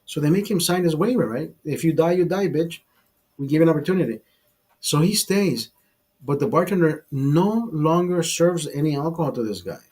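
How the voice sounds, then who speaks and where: A man's voice: fairly high pitch, lively intonation, normal speed, darkish tone, slightly rough. A man hosting a casual drinking livestream, telling a rambling, profane bar story to his viewers. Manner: profane, rambling anecdote teller. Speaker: livestream host.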